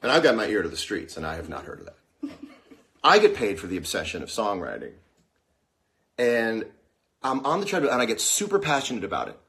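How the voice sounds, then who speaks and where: A man's voice: fairly low pitch, brisk, pauses often. A man hosting a casual livestream, rambling and joking through a monologue with a sore mouth. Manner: rambling, jokey and animated. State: sore mouth after dental problem. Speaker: host. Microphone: phone.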